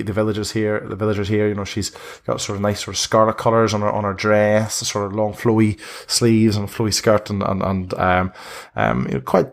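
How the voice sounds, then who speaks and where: Rambling game master. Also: male voice, mid-range voice. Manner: rambling, heavy fillers like "you know". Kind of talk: narrating a tabletop game.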